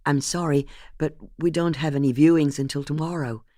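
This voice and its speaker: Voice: mid-range voice, fairly even intonation, fairly quick, dark tone, dry recording, clean studio sound, natural voice. A narrator voicing a friendly, chatty Irish receptionist in her fifties, with an Irish accent. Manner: chatty, conspiratorial.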